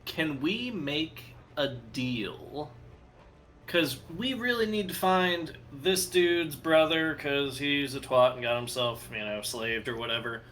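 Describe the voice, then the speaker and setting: A man's voice: fairly high pitch, slow pace, a bit bright. A man playing in a tabletop game, talking casually and bluntly and swearing freely. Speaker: player.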